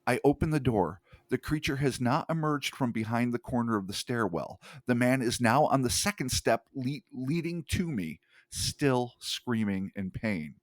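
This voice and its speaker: A male podcast host reading an account aloud in a hushed, measured way, with casual swearing in his asides. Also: medium pitch, animated, dry recording.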